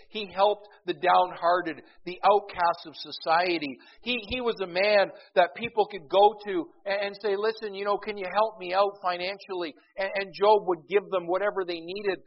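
A man delivering a sermon, talking conversationally and doubling back over his words. His voice sits high and grows louder when he presses a point. The recording is muffled and lo-fi. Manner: conversational, repeats words, rises in volume for emphasis. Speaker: preacher. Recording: dull, lo-fi recording.

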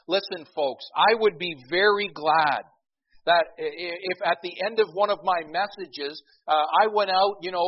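A middle-aged pastor preaching a sermon in a folksy, storytelling way, with many restarts and emphatic peaks. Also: male voice, fairly high pitch. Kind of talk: sermon with a humorous opening story. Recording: dull lo-fi recording.

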